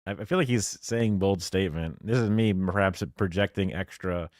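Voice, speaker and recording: A man's voice: low voice, moderate pace, darkish tone, no echo, studio quality. A man streaming, reacting to a clip with casual, opinionated commentary and lots of fillers. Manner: musing, opinionated, many fillers.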